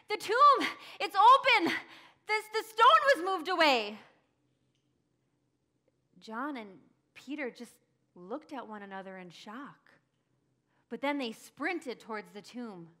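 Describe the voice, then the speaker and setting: A woman acting a grieving early follower in a first-person dramatic monologue, telling it breathlessly and crying out in high bursts. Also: expressive, measured pace, bright, forceful tone. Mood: hushed. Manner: emotional, breathless storytelling, cries out in high bursts. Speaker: church dramatic monologue performer.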